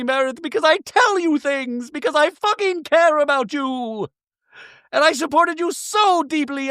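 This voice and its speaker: A shrill, enraged reality-show woman, as a man puts her on hurls cursing accusations in a high, strained voice. Her pitch sits well above his own, climbing toward shouts. The sound is close and dry. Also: no echo, exaggerated voice. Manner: heated accusatory ranting with heavy cursing. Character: furious woman reality star, confrontational.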